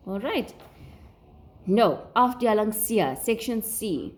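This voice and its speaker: South african lady teaching afrikaans, slow and careful, voice goes up and down a lot. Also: lowish voice, animated, a little mellow. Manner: slow and deliberate, switching between English and Afrikaans. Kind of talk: recorded lesson for learners.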